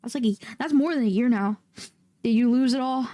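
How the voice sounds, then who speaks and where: A woman streaming a game, chatting casually with viewers and breaking into loud, excitable, swearing outbursts. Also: a little high, fairly quick. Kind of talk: casual livestream chat.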